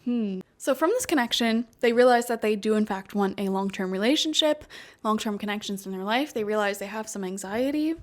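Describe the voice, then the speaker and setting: A woman's voice: mid-range voice, fairly quick. A woman giving a casual tarot reading to her viewers, chatty and laughing often, with lots of "like" and "you know". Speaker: tarot reader. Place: home room with a cat.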